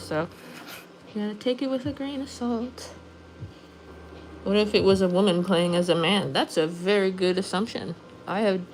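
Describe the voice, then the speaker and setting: A woman nail artist chatting casually on a livestream, animated and full of "like", talking while she works in her nail studio. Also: fairly low pitch, slight background noise, rough recording. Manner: chatty, animated, says "like" often. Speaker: nail artist streaming live.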